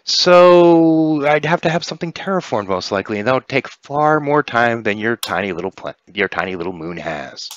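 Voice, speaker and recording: A man's voice: medium pitch, animated, normal speed, hardly any pauses, dry recording, lo-fi sound, pitched above the performer's own voice, close to an everyday voice. A man voicing a scheming alien woman who grins as she talks, with a sinister edge to her voice. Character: sly scheming woman alien power broker.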